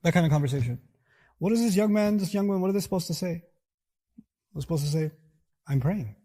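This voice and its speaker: A man's voice: sits high, quick pace, mellow. A man giving an earnest, emphatic sermon-style lecture to listeners. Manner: earnest, emphatic, acts out quotes. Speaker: religious lecturer.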